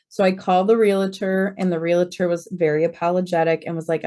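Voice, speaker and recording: Woman, 40s, slightly low voice. Chatty interview guest who acts out the dialogue in her stories. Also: quick pace, few pauses. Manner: lively storyteller who acts out quoted dialogue. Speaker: real estate broker, podcast guest. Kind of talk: conversational interview storytelling.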